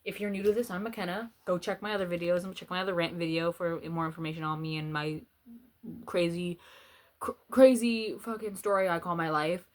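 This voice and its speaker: Young woman, slightly low voice, casual swearing vlog rant, rambling with restarts. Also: steady tone, brisk. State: mouth burning from spicy noodles. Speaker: vlogger. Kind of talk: casual rant while eating.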